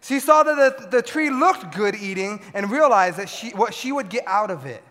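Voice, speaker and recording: Animated high-voiced young preacher man. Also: normal speed. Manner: animated, swings from loud shouts to quiet asides. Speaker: youth pastor. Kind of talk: sermon to a youth audience. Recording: long hall reverb.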